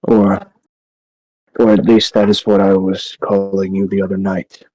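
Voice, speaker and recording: A man voicing a blunt adventurer in a tabletop game, speaking calmly and directly with a gruff edge. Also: low-pitched, unhurried, dry recording, poor audio. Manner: calm, direct, unintentionally gruff. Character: blunt deep-voiced man meeting fae.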